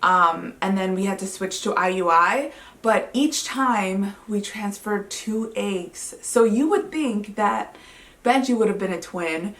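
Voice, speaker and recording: A woman in her thirties, a vlogging mother, telling her story in a chatty, excitable way with lots of fillers. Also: medium pitch, slow pace. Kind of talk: casual storytelling to camera. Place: home living room. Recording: roomy echo, mic at a distance.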